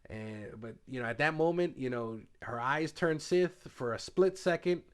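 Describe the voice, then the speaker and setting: A man giving a casual spoiler review, retelling scenes loosely with lots of fillers and now and then dropping into a hushed paraphrase of the characters. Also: medium pitch, moderate pace, clean tone. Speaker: TV show reviewer.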